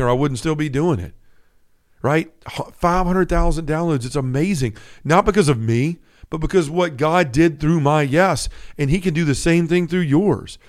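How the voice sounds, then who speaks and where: A middle-aged man hosts a faith podcast and speaks earnestly in an unscripted, conversational testimony. His voice sits a little high for a man. He leans on casual fillers like "like" and "right?" as he talks. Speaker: podcast host. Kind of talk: Catholic faith talk, personal testimony.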